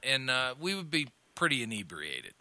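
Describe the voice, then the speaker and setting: Bright, sharp-toned middle-aged man from Illinois. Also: mid-range voice, big pitch swings, moderate pace, no room sound. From Illinois, USA. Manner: rambling, anecdotal, laughs at his own stories. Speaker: radio talk host and comedy club owner. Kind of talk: casual storytelling chat.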